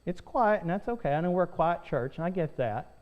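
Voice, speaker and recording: An earnest male pastor with a high voice teaches a Bible lesson, reading scripture aloud and repeating key phrases for emphasis. The recording sounds dull and lo-fi. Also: lively intonation, fairly quick. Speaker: pastor teaching Sunday School.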